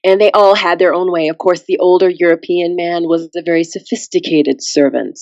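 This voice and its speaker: A woman's voice: lowish voice, a little fast, no echo, dull audio. A woman guest on a podcast, chatting casually and acting out the people in her story. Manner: animated storyteller who acts out quotes.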